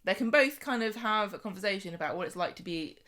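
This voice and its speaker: A woman's voice: mid-range voice, expressive, fast, a bit bright. Chatty, rambling woman podcast co-host. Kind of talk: casual chat.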